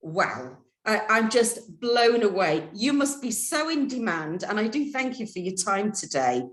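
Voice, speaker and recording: A woman hosting an interview, effusive and animated in her questions. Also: mid-range voice, a little slow, reverberant. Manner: effusive, animated, lively intonation. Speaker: interview host. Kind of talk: casual interview.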